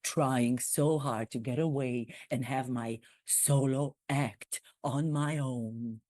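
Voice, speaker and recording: Performer playing a self-mocking royal prince, formal stiff speech, slow delivery, dry close sound. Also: medium pitch, steady tone, a little mellow, dry recording, lightly acted. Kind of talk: comic impression monologue.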